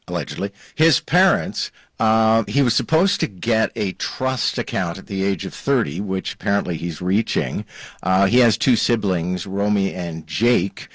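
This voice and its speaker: A man giving entertainment news in a lively, chatty radio conversation from a studio. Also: on the low side, unhurried, no echo. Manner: lively, chatty, laughing gossip. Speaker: entertainment reporter. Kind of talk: radio chat.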